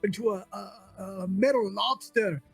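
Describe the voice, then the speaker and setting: A man's voice: high-pitched, measured pace, gravelly, husky, faint music behind, pitched above the performer's own voice, heavily acted. A man voicing a frightened, drunk unhoused sailor who stammers and pleads. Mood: shaken.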